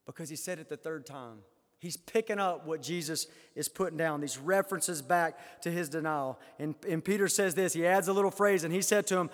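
A man preaching a sermon, rising loud when quoting scripture and dropping low for his own comments. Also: a little fast. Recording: long hall reverb.

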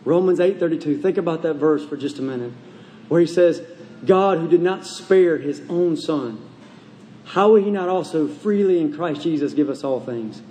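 A pastor preaches to his congregation in a church sanctuary, his mellow voice on the high side and his pace moderate. Urgent, repeated questions drive his sermon, with slight background noise and the long reverb of a big hall.

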